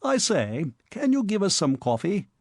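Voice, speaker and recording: A man's voice: high voice, huge pitch swings, measured pace, creaky, no room sound, pitched above the performer's own voice, heavily acted. A breezy young lord chats in an offhand, chummy way, as a man voices him for an audiobook. His voice is raised a little and the recording is dry.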